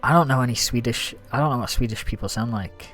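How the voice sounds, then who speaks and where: A man's voice: mid-range voice, fast, soft background music. A young man chatting casually on a gaming livestream, thanking viewers and reacting to the game. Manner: chatty, reads out gift thanks, animated. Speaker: streamer.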